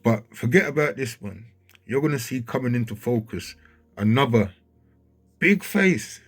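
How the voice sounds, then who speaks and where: A man with a husky, slightly rough voice talks over footage in a loose, conversational way. He grows excitable and keeps checking in with his listener. Faint music plays behind him. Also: medium pitch, measured pace. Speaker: video commentator. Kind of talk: casual commentary over footage. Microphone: handheld mic.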